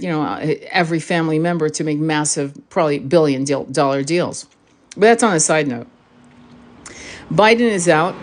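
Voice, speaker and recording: A woman's voice: on the low side, a little hiss or hum. A woman giving a casual monologue to her viewers as a spiritual reader, talking passionately and bluntly, swearing freely and repeating key phrases for emphasis.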